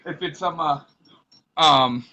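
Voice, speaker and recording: A man's voice: a little high, takes it slowly, pushed and bright, low-quality recording. A man on a podcast as guest, talking easygoing and slangy in casual chat. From Utah. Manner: easygoing, slangy, trails off with fillers.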